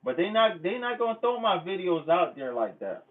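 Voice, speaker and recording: Man, channel host, vlog rant: high voice, blunt and profane, tinny phone-like sound. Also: big pitch swings, moderate pace.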